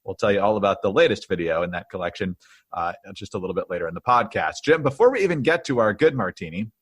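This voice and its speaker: A man's voice: on the low side, expressive, fast talker, slightly rough, no room sound, studio quality. A man co-hosting a conservative political podcast, trading wry, easygoing banter with his co-host.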